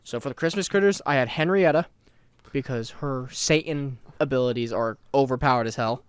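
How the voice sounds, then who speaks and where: A man's voice: medium pitch, brisk, smooth, dry recording, clean studio sound. A young man chatting casually about video games and school memories, often restarting his sentences.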